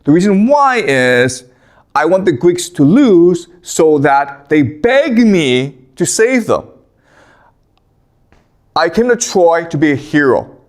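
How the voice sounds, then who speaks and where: A sulking, boastful young warrior hero, voiced by a man telling a story. He talks in a plain, casual way, and the voice sits slightly high and swings widely in pitch.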